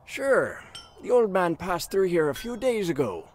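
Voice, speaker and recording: A man's voice: high voice, big pitch swings, unhurried, a little hiss or hum. A drawling folksy townsman. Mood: easygoing.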